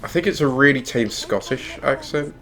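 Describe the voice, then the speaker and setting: A man's voice: mid-range voice, moderate pace. A man from Britain co-hosting a casual chat, rambling and hesitant and laughing often. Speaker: co-host. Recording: faint music under the voice.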